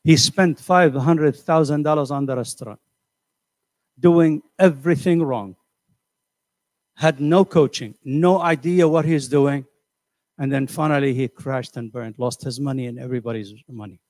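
An older man giving a motivational seminar, animated and conversational, asking the audience questions and acting out voices. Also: mid-range voice, normal speed, no echo, clean studio sound. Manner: animated, acts out quoted voices. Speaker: seminar speaker. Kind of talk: motivational lecture. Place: community center hall.

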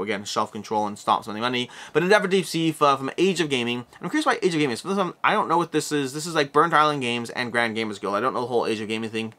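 A man's voice: medium pitch, bright, forceful tone. A man hosting a board game roundup in a casual, rambling way, often restarting and correcting himself. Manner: rambling, self-correcting, chatty with asides. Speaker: board game channel host.

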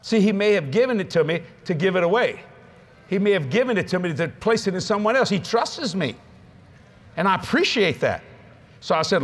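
Folksy preacher, fairly high voice. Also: male voice, fairly quick. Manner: folksy, humorous, animated storytelling with many acted quotes. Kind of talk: sermon with storytelling.

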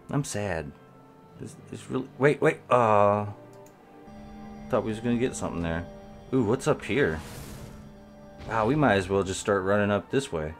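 Low-voiced man streaming gameplay. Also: lively intonation, unhurried, long pauses, faint music behind. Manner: rambling, talks to viewers while playing. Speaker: game streamer. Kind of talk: live gameplay commentary.

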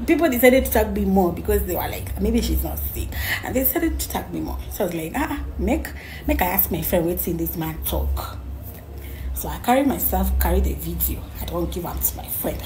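A woman's voice: fairly low pitch, fairly quick, a little hiss or hum, low-quality recording. Indignant young woman venting to camera. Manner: expressive, indignant, switching to hushed asides. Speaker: influencer. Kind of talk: emotional selfie video.

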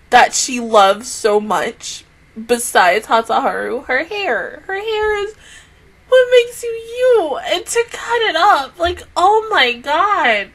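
A woman reviews an anime episode in an overwhelmed, emotional rush, her high voice swinging widely in pitch. She sounds tearful and close to crying, cursing and exclaiming as she talks. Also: fairly bright tone. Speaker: anime reaction host.

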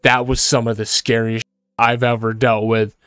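A man's voice: mid-range voice, level tone, normal speed, a bit bright, clean tone, no echo, clean studio sound, faint music behind. A man commenting as he plays a horror game, jittery and repeating himself, breaking into frightened yelps. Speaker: gaming video creator.

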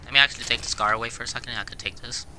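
Young guy hyped up playing a shooter, real bright voice, cusses a lot, goes loud then mutters. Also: medium pitch, racing, a little hiss or hum. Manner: excitable, swears, jumps between loud and mumbled. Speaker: gaming video creator. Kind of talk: casual gameplay commentary. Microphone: camera on face while playing.

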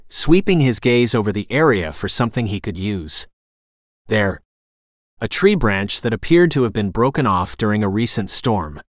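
A man with a fairly low voice reads a romantic suspense audiobook in steady, measured scripted narration. The studio sound is clean with no echo.

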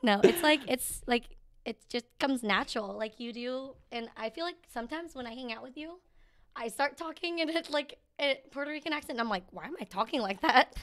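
A woman with a fairly high voice talks in a loose, casual podcast chat. She is animated and laughs a lot, acting out little quoted lines as she goes. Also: brisk. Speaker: podcast guest.

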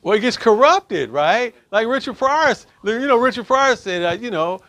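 A man's voice: extremely high pitch, animated, moderate pace, fairly bright tone. A man leading an informal group discussion on relationships as a counselor. He speaks emphatically and keeps checking in with "right?".

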